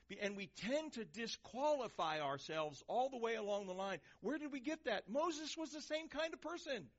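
Man, sermon preacher, dynamic delivery, slightly high voice, dull lo-fi recording. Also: animated, moderate pace, creaky. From Texas, USA. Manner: dynamic, swings from loud to hushed.

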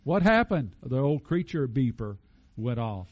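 A man's voice: medium pitch, sing-song, a little slow, highs cut off. Man preaching a casual sermon. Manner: conversational preaching, asks the congregation questions. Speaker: pastor.

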